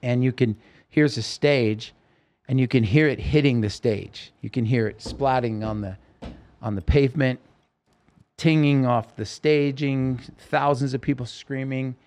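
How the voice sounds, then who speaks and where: A man's voice: mid-range voice, a little slow, darkish tone. A man, a podcast guest, urgently recounting a personal story in vivid, present-tense detail.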